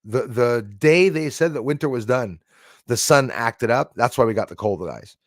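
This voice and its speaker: A man's voice: medium pitch, lively intonation, moderate pace, no echo, clean studio sound. Man rambling on a home live stream. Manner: rambling, greets viewers by name, swears casually. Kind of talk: casual live-stream chat with viewers. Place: old house at home. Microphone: desk microphone.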